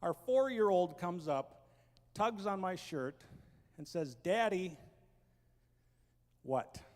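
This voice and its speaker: High-voiced man doing stand-up in a hall. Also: animated, takes it slowly. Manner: acts out family voices, rising to shouts at punchlines. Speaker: stand-up comedian. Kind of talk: stand-up storytelling. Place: large auditorium stage. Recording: long hall reverb.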